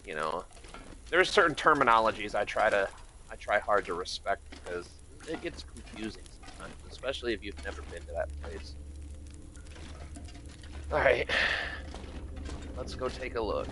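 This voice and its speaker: A man's voice: fairly low pitch, expressive, normal speed, pauses often, bright, forceful tone, a little hiss or hum. Chatty American man streaming a game. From Michigan, United States. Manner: rambling, chatty, greets viewers by name. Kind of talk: casual live-stream chat while playing.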